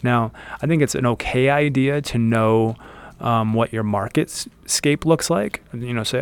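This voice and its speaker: A man's voice: mid-range voice, a little slow, clean tone, no echo. A man hosting a podcast, giving casual motivational advice in an earnest way and repeating phrases for emphasis. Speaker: podcast host. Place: outdoors in the desert.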